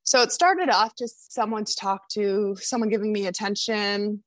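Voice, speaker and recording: A woman's voice: mid-range voice, moderate pace, dry recording. A woman guest on a podcast, telling her personal story in a candid, confessional way.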